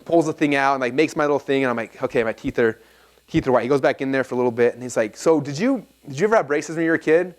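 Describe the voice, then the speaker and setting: Before a live crowd in an event hall, a thirtysomething man gives a storytelling talk at a business seminar. His medium-pitched delivery races along as he animatedly acts out the conversations in his stories.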